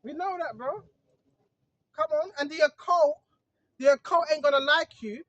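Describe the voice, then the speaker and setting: At a moderate pace, an online preacher whose voice sits high with a fairly bright tone preaches informally, emphatically, and repetitively, constantly checking in with the listener. The recording is dry, dull, and lo-fi.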